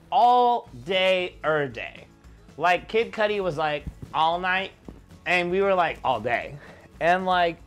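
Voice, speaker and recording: A drunk young man telling a rambling story, jumping into loud high-pitched quotes. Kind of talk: tipsy rambling anecdote.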